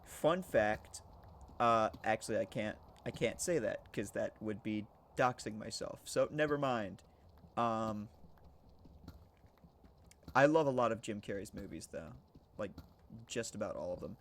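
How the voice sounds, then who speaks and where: A man's voice: lowish voice, a little slow, long pauses, a little hiss or hum. A man chatting casually to his viewers during a game stream, joking and swearing as he rambles. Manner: joking, profane, rambling, laughs often; talks to chat. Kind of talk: casual live-stream chat while gaming.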